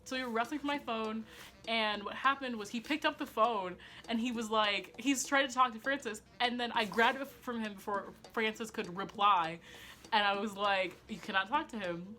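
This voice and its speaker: Bright-voiced young woman telling a story. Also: a little high, normal speed. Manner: chatty and profane, heavy use of "like"; self-mocking, laughing at herself. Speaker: vlogger. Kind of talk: casual storytime.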